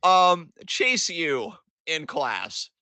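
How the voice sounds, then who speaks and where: A man's voice: a little high, very slow. A man co-hosting a wrestling podcast, chatting casually and profanely, gleefully acting out what wrestlers said. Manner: excitable, profane, gleeful, acts out quotes. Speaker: podcast co-host. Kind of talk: casual wrestling recap chat.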